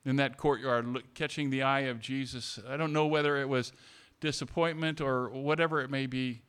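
A man preaching a sermon, repeating his points and swinging between hushed, tender passages and loud, emphatic calls for amens. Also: medium pitch, fairly even intonation, normal speed, clear, resonant tone. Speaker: pastor.

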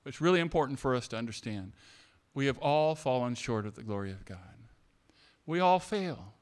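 A man preaching a sermon, repeating his points and swinging between hushed, tender passages and loud, emphatic calls for amens. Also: mid-range voice, animated, normal speed. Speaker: pastor.

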